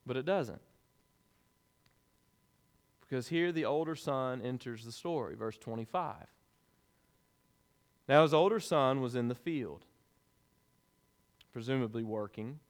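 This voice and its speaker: Animated preacher man, ringing hall. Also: fairly high pitch, measured pace, pauses often. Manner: conversational, animated preaching with casual asides. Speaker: pastor. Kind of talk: sermon. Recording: long reverb of a large hall.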